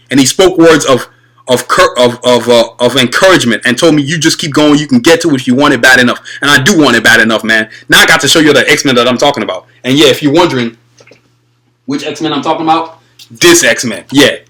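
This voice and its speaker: Fast, bright-voiced enthusiastic man. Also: medium pitch, poor audio. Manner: enthusiastic, rambling, addresses viewers as y'all. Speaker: video podcast host. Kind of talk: casual fan commentary.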